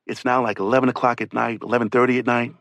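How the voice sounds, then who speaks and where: A man's voice: medium pitch, flat delivery, fast talker, a bit bright, no echo. A man narrating an oral history audiobook, telling a rescuer's account in first person with a conversational delivery. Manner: voices witness testimony in first person, conversational.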